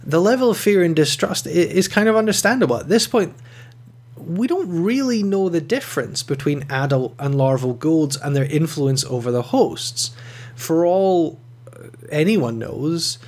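A man's voice: fairly high pitch, expressive, moderate pace, a little mellow. A man hosting an episode review, talking conversationally with frequent fillers and enthusiastic rises. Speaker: podcast host reviewing episodes.

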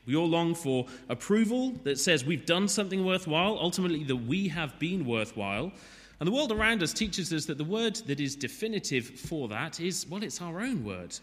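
A man's voice: on the high side, a bit bright, big-room sound. A man from Wales preaching a sermon, chatting and joking before he turns to his text.

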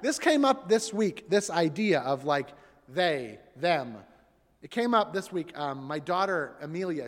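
Animated man preaching in an echoing hall. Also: a little high. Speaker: pastor. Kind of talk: sermon. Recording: long hall reverb.

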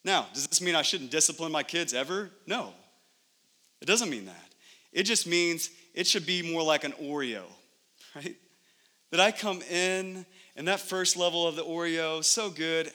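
A man in his thirties preaching a sermon as pastor, animated and conversational, acting out little scenes at home. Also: fairly high pitch, measured pace. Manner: animated, acts out scenes in lively voices. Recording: long hall reverb.

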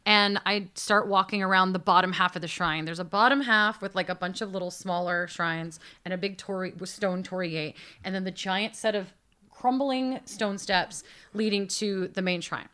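A young woman tells a story on a podcast with a bright, clear tone. She delivers it in an animated way, dropping to a hush and then bursting loud as she acts out the people in her story. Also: medium pitch, moderate pace. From United States. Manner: lively, acts out the people in her story with big shifts in loudness. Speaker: podcast co-host.

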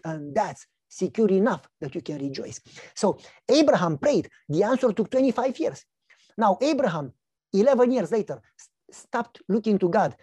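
A man preaching a sermon, telling stories with lively acted-out dialogue. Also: high-pitched, breathy edge, no room sound. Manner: animated storytelling, acts out dialogue. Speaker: pastor.

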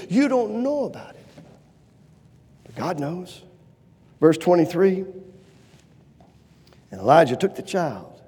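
A man preaching a sermon with fervent delivery, swinging from loud urgent pleading to low hushed lines. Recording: long hall reverb.

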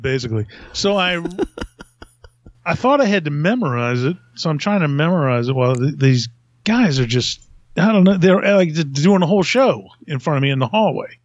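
With a slightly high, expressive voice at a moderate pace, a middle-aged male podcast host wanders through a self-deprecating tale and laughs at his own jokes. The audio is dry and dull-sounding.

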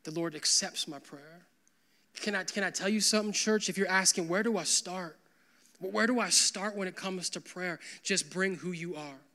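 Young male pastor, high bright voice, casual animated sermon delivery. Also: moderate pace. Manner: conversational, animated, full of "like" fillers.

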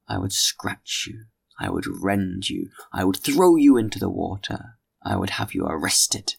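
A man voicing a fickle, passionate, gossipy young woman in an audiobook, speaking slowly and drawing out his words. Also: low voice, big pitch swings, gravelly, slightly rough, exaggerated voice. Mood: vehement. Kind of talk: audiobook character reading.

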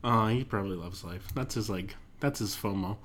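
A man's voice: lowish voice, moderate pace, a bit bright, a little hiss or hum. A man hosting a podcast in casual chat, playful and laughing often as he rambles, his voice getting tired. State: voice tiring. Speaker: podcast host.

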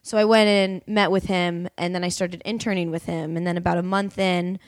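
A young woman, a podcast guest and actress, chatting and telling animated stories. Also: lowish voice, a little fast. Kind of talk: casual chat.

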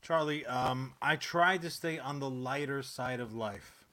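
A man co-hosting a podcast, chatting in a laid-back way and hyping up sponsor reads loudly. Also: mid-range voice, unhurried. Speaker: podcast co-host. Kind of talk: casual chat and sponsor reads.

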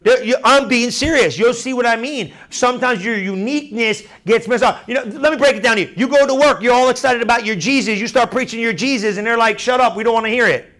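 A man preaching a sermon in a lively, conversational way, repeating his points and acting out what people say. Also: very high voice, brisk, hardly any pauses. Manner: animated, conversational, acts out crowd voices; repeats phrases, asks "you understand?".

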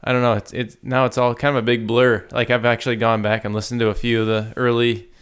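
A man co-hosting a casual podcast, talking in a rambling, halting way with many fillers. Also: mid-range voice, little pitch movement, clear, resonant tone. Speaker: podcast co-host. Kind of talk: casual chat.

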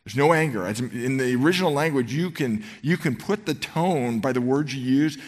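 Guy pastor giving a sermon, chatty and earnest, mid-pitch voice, big church hall echo. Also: animated, fairly quick. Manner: conversational, earnest, shifts into quoted voices. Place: church sanctuary.

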